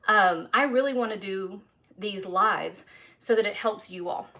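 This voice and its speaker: Bright and forceful in tone, this medium-pitched woman speaks a little slowly. Hosting a live cooking stream from her home kitchen, she chats in a folksy way while tasting what she cooks.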